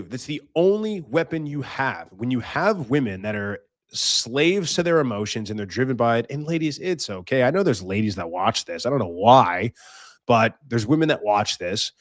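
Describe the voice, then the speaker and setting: A man's voice: medium pitch, no echo, studio quality. Blunt, profane male podcast host. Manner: animated, jumps between loud and quiet. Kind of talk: casual monologue.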